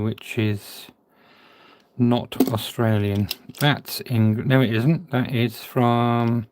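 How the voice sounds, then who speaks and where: A man's voice: mid-range voice, darkish tone. A man with a mid-range voice talks casually to himself and his viewers as he sorts things, chatty and a little scattered. A faint hiss and the small clicks of coins sit behind him. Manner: chatty, thinking aloud, muttering to himself. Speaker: coin collector vlogger. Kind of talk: casual narration while sorting.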